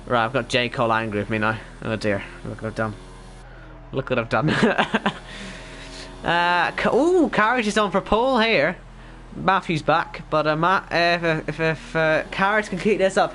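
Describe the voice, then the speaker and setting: A man's voice: fairly high pitch, a bit bright, slight background noise. A Northern Irish man casually commentating an online race league stream, rambling, joking at his own expense and reading out chat messages.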